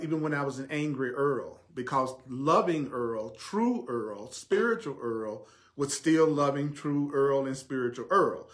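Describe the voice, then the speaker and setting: A man's voice: medium pitch, fairly bright tone. Southern-accented man teaching with emphatic repetition. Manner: emphatic, repeats key phrases, asks rhetorical questions. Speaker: spiritual teacher. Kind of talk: livestreamed spiritual teaching.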